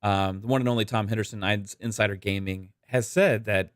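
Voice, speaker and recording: A man's voice: on the low side, fairly even intonation, brisk, dry recording, clean studio sound. A man from Texas hosting a gaming podcast in a laid-back, casual way, with many fillers. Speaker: podcast host. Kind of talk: casual chat.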